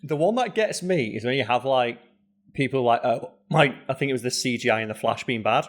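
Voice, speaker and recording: A man co-hosting a podcast, chatting casually with quick asides and frank swearing. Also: mid-range voice, expressive. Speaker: podcast co-host. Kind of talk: casual chat.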